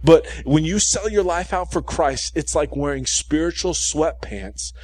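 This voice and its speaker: A man preaching a sermon in an animated way, mixing humorous everyday stories with repeated key points and frequent "okay?" check-ins with his listeners. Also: on the high side, unhurried, dry recording. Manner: humorous storytelling asides.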